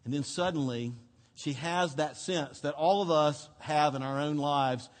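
A male pastor preaching a sermon, telling the story expressively, dropping to a hush and then rising to emphasis. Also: on the high side, unhurried. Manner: expressive storytelling, swinging between hushed and emphatic. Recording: long hall reverb.

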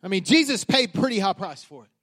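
Pastor, male, middle-aged, light high voice, chatty sermon delivery that swells into emphatic lines. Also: sing-song, fast talker, fairly bright tone, breathy edge. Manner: conversational preaching with rising emphatic peaks.

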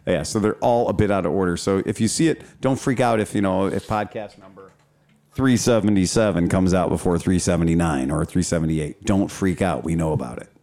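A man's voice: low voice, a little fast, dark tone. A man hosting a podcast in casual, rambling chat, swearing freely and often restarting his sentences. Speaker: podcast host.

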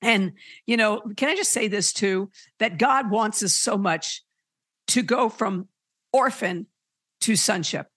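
A podcast host teaching faith in a loose, preachy way. The delivery is earnest and animated, with frequent fillers and restarts, in a mid-range voice. The recording is dry and close, with no room sound. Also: mid-range voice, takes it slowly, dry recording. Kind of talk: informal preaching.

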